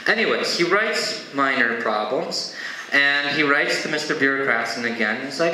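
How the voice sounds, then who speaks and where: A man's voice: mid-range voice, expressive, normal speed, pushed and bright, a little hiss or hum. A man doing stand-up storytelling in a conversational, wry way, with side remarks along the way. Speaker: comedian. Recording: very echoey room.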